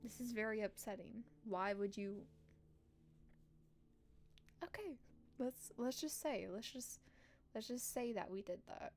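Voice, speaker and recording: A woman streamer reading a visual novel aloud and reacting live, breaking into loud, animated exclamations. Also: on the high side, measured pace, long pauses, soft background music.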